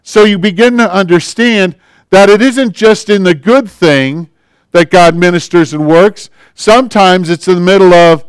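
Smooth-voiced male pastor preaching conversationally. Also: high voice, normal speed, no room sound, clean studio sound. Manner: conversational preaching, acting out quoted prayers and asking the congregation questions. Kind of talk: sermon.

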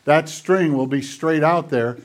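Man preaching, soft-spoken and dramatic. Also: a little high, unhurried. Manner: dramatic retellings, drops to near whispers. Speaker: pastor. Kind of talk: sermon. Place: church filmed on camera.

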